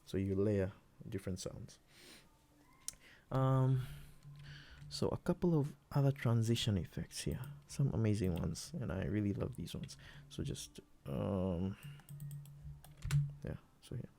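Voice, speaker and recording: A man producing music, walking through his own beat in a relaxed, rambling way, with many fillers and restarts. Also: on the low side, measured pace, vocal fry. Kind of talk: casual screen-recorded tutorial.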